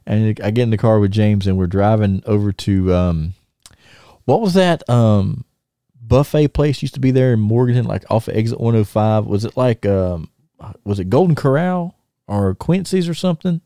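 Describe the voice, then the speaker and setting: A podcast host spins a casual story with a warm, mellow voice, breaking into laughter as he acts out lines. The recording is dry and close, with no room sound. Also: fairly low pitch, normal speed, clean tone, no room sound. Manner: animated anecdote-telling, often laughing and acting out quotes.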